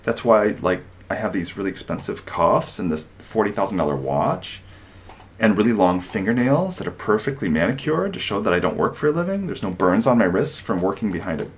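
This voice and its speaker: A man delivering an opinionated commentary monologue, animated and sarcastic, slipping into mocking impressions. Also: on the low side, brisk.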